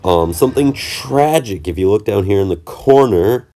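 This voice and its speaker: Young male vlogger, low-pitched, loose joking voice-over with plenty of stumbles. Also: lively intonation, normal speed, warm tone, faint music behind. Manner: rambling, jokey, self-correcting. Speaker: channel host. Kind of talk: casual vlog commentary over trip footage.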